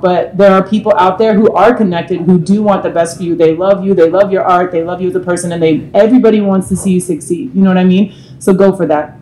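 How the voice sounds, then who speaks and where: A woman's voice: medium pitch, poor audio. A woman singer, a guest on a live panel at a bar, telling candid and profane stories. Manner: profane, animated storyteller.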